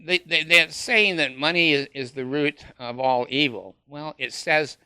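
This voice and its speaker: Sarcastic man with a bright, dry voice. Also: fairly high pitch, measured pace, smooth, no room sound. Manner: sarcastic, mocking laughs, hesitant fillers. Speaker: former church member ranting to camera. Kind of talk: sarcastic monologue.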